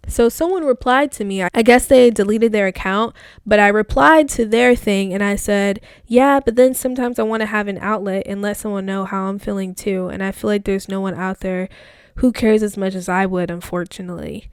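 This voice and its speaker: A young woman talks through a casual solo podcast in a chatty, reflective way, leaning on fillers as she muses. Her voice is smooth and clear, close to the mic in a dry, dead room. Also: medium pitch, fairly even intonation, normal speed, no room sound. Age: young adult. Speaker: podcast host. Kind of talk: casual solo podcast, reading old posts aloud.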